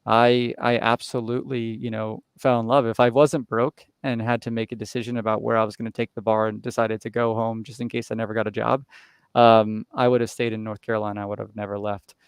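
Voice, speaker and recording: A man's voice: on the low side, level tone, a little fast, clean tone, dry recording, clean studio sound. A young man from New Jersey chatting casually as an interview guest, rambling with lots of fillers and restarts.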